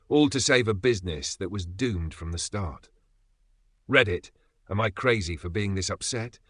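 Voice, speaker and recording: A man with a fairly low, bright and forceful voice reads a first-person story in scripted narration. His telling is aggrieved and indignant. The sound is close and dry, with no room around it. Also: dry recording.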